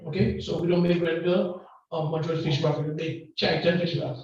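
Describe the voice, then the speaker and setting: A man with a Grenadian accent preaching a lively sermon and joking back and forth with the congregation. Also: a little high, moderate pace, a little hiss or hum. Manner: loud, call-and-response, joking with the congregation. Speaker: guest preacher. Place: church hall. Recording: distant, echoey and muffled hall recording.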